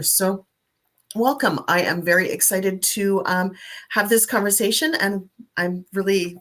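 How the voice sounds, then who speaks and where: A woman hosts an interview, welcoming her guest and asking questions with open excitement. She laughs along readily and keeps the talk moving. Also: mid-range voice. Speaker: host. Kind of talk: interview host.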